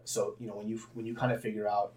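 A young man talking candidly in a casual interview, swearing freely and breaking into loud laughs as he tells stories about himself. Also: fairly low pitch, level tone, fast. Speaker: podcast guest, comedian.

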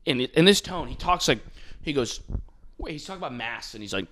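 Animated swearing man on a podcast. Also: medium pitch, a little fast. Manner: animated, swearing, laughing, mimicking voices. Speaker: podcast co-host. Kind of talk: casual comedic podcast chat.

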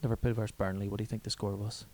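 A man's voice: lowish voice, little pitch movement, racing, darkish tone. A man co-hosting a casual chat, teasing and bantering. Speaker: co-host.

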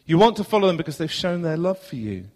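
A man with a southern English accent preaching a sermon as pastor in a church, earnest, asking rhetorical questions and moving between loud and hushed passages. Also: a little high, sing-song, quick pace. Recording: long hall reverb.

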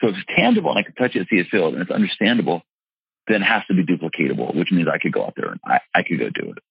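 Deep gravelly man telling his story. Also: sing-song, very fast, no echo, highs cut off. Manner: earnest, emphatic, frequent restarts and "literally". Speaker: real estate investor and seminar teacher. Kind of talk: candid personal storytelling in an interview.

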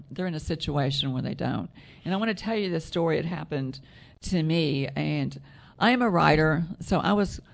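Soft-voiced woman with a gravelly edge. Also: sits low. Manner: rambling, self-correcting storyteller with frequent laughs. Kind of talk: storytelling in casual chat.

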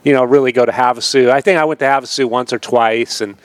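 A man in his fifties tells old racing stories as a podcast guest, relaxed and meandering. His voice sits at an average pitch and is recorded dry and close. He laughs easily and slips into other people's voices for quotes. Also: fast, dry recording. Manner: laid-back, rambling, laughs often, acts out quoted voices. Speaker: podcast guest, retired motocross racer. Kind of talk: casual storytelling interview.

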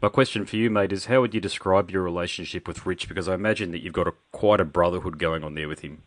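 Deep-voiced man hosting a podcast. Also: quick pace, no room sound. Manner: friendly, says "mate". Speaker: podcast host. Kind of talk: casual interview.

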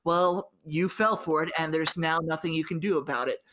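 A man lightly putting on a wicked witch who taunts her foe with calm smugness. The voice stays fairly high for a man. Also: moderate pace, a little hiss or hum, low-quality recording. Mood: taunting. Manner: taunting, toying.

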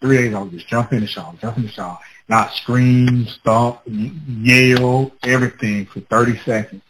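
A man with children telling a personal story in a casual, animated way, acting out his own past words with laughter. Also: mid-range voice, moderate pace, slight background noise, rough recording. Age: adult with children.

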